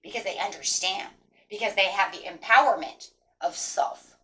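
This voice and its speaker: A woman's voice: medium pitch, normal speed, rough recording. Woman doing a tarot reading, upbeat and pep-talky, reads the card then riffs on it. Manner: animated, encouraging, mixes card text with chatty asides; acts out quoted inner voices. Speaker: tarot reader. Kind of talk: casual spoken tarot reading.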